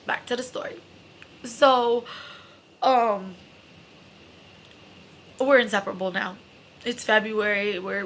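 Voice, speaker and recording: A woman's voice: mid-range voice, fairly bright tone, a little hiss or hum. A young adult woman telling a personal story in a casual, emotional way, swearing freely and filling her talk with "like" and "you know". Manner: emotional, candid, swears freely, heavy fillers.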